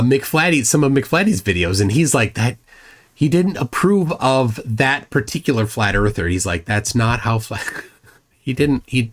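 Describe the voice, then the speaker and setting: A man's voice: mid-range voice, fairly bright tone. A man hosting a casual live stream, rambling with many fillers and restarts and making mocking asides. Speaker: livestream host.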